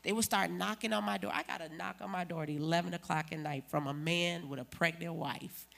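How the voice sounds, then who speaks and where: A woman's voice: on the low side, fairly even intonation, a little fast, vocal fry, fairly bright tone. A woman giving an emphatic, preachy church testimony as a guest.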